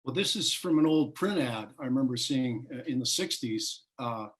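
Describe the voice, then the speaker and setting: A man's voice: medium pitch, lively intonation, moderate pace. A middle-aged man joking as a contestant on an online comedy game show, with a dry, laid-back delivery. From Chicago area. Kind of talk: casual joking chat.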